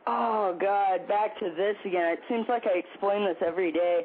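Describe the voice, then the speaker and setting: A man's voice: sits high, normal speed. A young man calling in to a show, easygoing and hesitant, with lots of fillers. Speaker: caller. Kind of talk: phone call chat. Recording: tinny phone line with faint noise.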